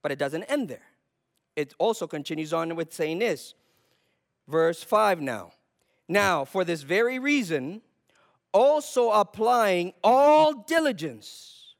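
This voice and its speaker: Fervent high-voiced male preacher. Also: expressive, a little slow, gravelly, long pauses, a bit bright. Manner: builds to fervent emphasis, asks and answers himself. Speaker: pastor. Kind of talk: sermon.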